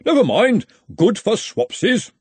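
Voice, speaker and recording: A man's voice: extremely high pitch, very animated, unhurried, a little mellow, slightly rough, dry recording, voice pushed up, full character voice. A man doing a smug, chirpy rival wizard. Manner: blithe, genteel, self-satisfied. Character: smooth, cheerful, smug rival male wizard.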